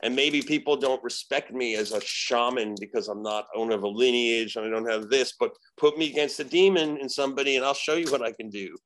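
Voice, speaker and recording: A man, a shaman guest on a podcast, telling a story in casual chat, animated and profane. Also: mid-range voice, brisk, hardly any pauses, slight background noise. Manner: animated, profane, acts out quoted dialogue.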